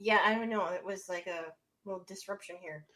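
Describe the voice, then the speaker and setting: A woman's voice: medium pitch, fairly even intonation, a little fast, fairly bright tone. A woman chatting casually on a radio show, laughing often and giving short replies. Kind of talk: casual chat.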